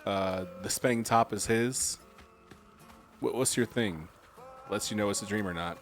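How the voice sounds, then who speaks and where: A man's voice: on the low side, a little slow, faint music behind. A man casually commenting while streaming a video game, joking and laughing often. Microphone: desk mic with webcam.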